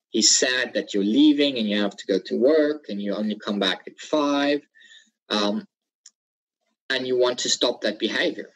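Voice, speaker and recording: A man's voice: medium pitch, slightly rough, low-quality recording. A man giving a dog training webinar, instructive and repeating his key points. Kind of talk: webinar lecture.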